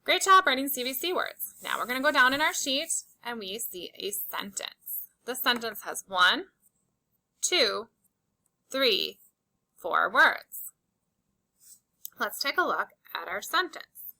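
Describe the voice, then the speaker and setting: A woman teaching a slow, patient phonics lesson to young children, stretching out and repeating each word for emphasis. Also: a little high, gravelly, pushed and bright, low-quality recording. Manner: drawn-out, emphatic word repetitions.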